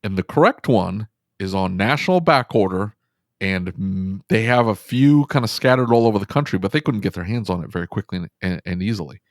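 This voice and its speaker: A man who owns a repair shop, telling a story on a podcast in an animated, emphatic way with quick bursts of speech. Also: on the low side, dry recording, clean studio sound. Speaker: auto repair shop owner, podcast guest. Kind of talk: casual storytelling conversation.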